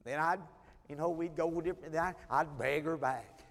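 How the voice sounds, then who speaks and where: A male preacher with a drawl tells his testimony in a folksy, storytelling way. His voice sits high for a man, and his volume rises and falls sharply. The sound carries a long reverb from a large hall. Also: a little fast, fairly bright tone. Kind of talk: sermon storytelling.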